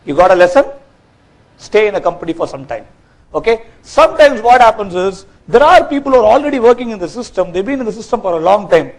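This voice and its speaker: A man gives a corporate training talk from a workshop stage, lively and quizzing his audience. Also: high-pitched, quick pace, low-quality recording. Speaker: workshop speaker.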